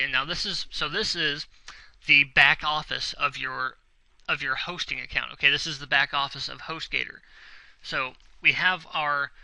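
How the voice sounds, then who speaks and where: A man's voice: fairly high pitch, vocal fry, bright, forceful tone, dry recording, rough recording. A young man walking viewers through a website setup on screen, talking casually and reassuringly and often checking in with "okay?". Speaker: web tutorial instructor. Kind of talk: screen-recorded tutorial walkthrough.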